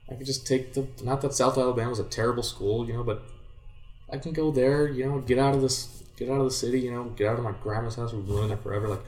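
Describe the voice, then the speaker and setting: A man's voice: medium pitch, fast talker, roomy sound. A young man, a guest talking casually about his baseball days, rambling along and acting out quoted lines. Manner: rambling, animated retelling with quoted dialogue. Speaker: guest, former baseball player. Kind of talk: casual storytelling.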